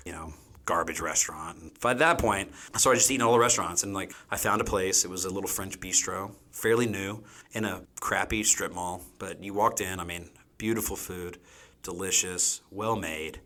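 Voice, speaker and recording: A man's voice: low voice, normal speed, pushed and bright. A man in his thirties, a chef being interviewed, talking casually and rambling with many fillers. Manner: rambling, frequent "you know" fillers. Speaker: chef guest.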